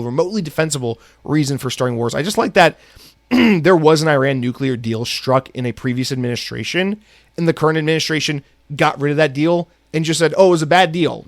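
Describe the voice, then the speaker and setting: A man's voice: fairly high pitch, a little fast, no room sound, studio quality. A man hosting a solo podcast, from the United States, ranting angrily with heavy profanity. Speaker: podcast host.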